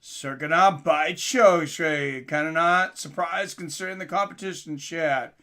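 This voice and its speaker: A man doing casual live commentary on a fight for his stream chat, getting louder and more excited at big moments. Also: fairly high pitch, a little slow.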